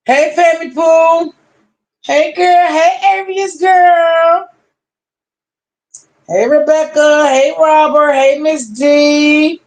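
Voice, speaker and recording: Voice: high-pitched, fairly even intonation, slow. A livestream host in casual chat who greets viewers one by one by name, drawing out each greeting and calling people honey and baby. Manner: warmly familiar, calls people honey and baby.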